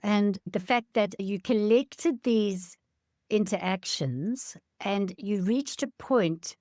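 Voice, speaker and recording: A woman host interviewing a guest with thoughtful, measured questions. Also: medium pitch, a little mellow, no room sound, clean studio sound. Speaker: podcast host.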